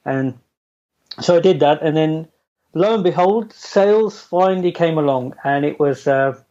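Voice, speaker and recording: Middle-aged guy chatting about his career, laughs a lot, kinda high but mellow voice. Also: measured pace. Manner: chatty, self-deprecating, laughs often. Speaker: interview guest. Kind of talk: casual storytelling. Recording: dull lo-fi audio.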